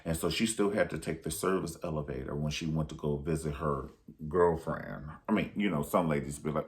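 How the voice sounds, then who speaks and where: A man's voice: rumbling low, moderate pace. A man recapping a film in a sassy, profane, theatrical way. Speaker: film reviewer. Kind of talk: casual movie recap.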